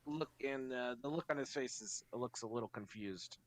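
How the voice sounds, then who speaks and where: Man, dungeon master, hesitant rambling narration, medium pitch. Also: normal speed, no echo. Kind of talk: narrating a tabletop game.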